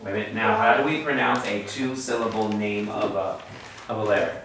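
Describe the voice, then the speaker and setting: Lowish-voiced guy teaching a class, patient, keeps asking okay?, very echoey room, mic far off. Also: steady tone, a little fast, gravelly, fairly bright tone, slight background noise. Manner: patient, explains step by step, checks in with "okay?". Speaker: Hebrew teacher. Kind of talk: classroom lesson. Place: classroom with students.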